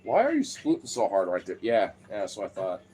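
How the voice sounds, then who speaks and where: A man films himself at home chatting to his dogs, teasing and coaxing them in a loose, joking way. His voice swings very widely, dropping low and then jumping up high. A faint hum of room ambience sits behind him. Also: huge pitch swings, brisk. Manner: playful, teasing, swears casually, jumps into high baby-talk pitch with the dogs. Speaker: vlogger talking to his dogs. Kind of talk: casual vlog, talking to pets.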